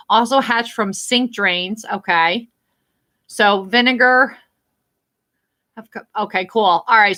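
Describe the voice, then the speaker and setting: Jersey-accented woman hosting a live stream, chatty and blunt, cusses easily, sharp bright tone. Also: mid-range voice. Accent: New Jersey. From New Jersey. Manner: rambling, blunt, swears freely. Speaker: livestream host. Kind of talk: casual live-stream chat reading viewer comments.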